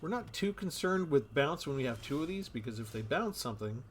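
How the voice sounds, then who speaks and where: A man's voice: medium pitch, sing-song, a little fast, a little hiss or hum. A man giving casual commentary on a card game he is playing, thinking aloud about his moves.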